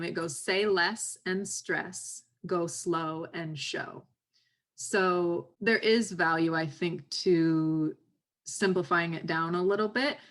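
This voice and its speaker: A woman speech pathologist giving advice on a podcast, explaining in a gently instructive way and modeling phrasing aloud. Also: on the low side. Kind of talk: podcast interview.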